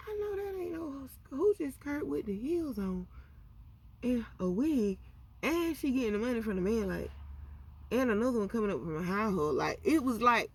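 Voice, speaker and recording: A woman telling a story in a casual storytime vlog, animated and slangy. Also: a little high, breathy edge. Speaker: vlogger.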